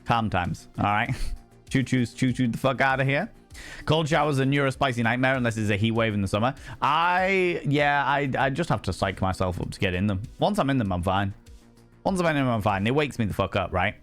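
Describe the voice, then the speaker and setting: A livestream host chats casually with viewers, playful and theatrical, cursing freely and lurching between shouts and whispered asides. His voice is medium-pitched, expressive and brisk, with soft music playing behind him.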